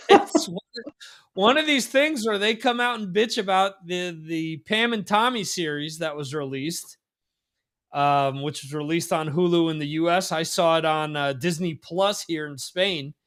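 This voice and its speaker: Male host, loose rambling chatter, lots of ums, somewhat higher voice. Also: a little slow, a bit bright. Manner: rambling, laughs often, many fillers. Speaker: podcast host. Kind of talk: casual chat. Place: lives in Spain.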